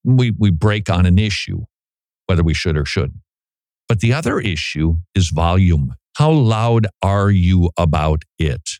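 Brief: middle-aged male talk host, lower voice, lively up-and-down delivery, dry studio sound. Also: measured pace, no echo. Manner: animated, conversational, mock voices for emphasis. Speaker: Christian radio host. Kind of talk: opinion talk monologue.

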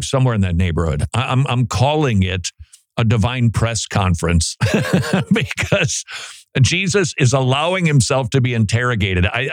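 A male pastor delivers a sermon with a lively, swooping pitch that rises and falls on every point. He is emphatic and often stumbles over repeated words as he presses ahead. The sound is dry and close, with no room echo. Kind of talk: expository sermon.

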